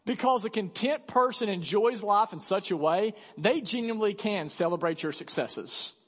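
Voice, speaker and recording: A man preaching a sermon as pastor, animated and conversational, acting out quick voices to make his point. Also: sits high. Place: large church hall. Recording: church hall reverb.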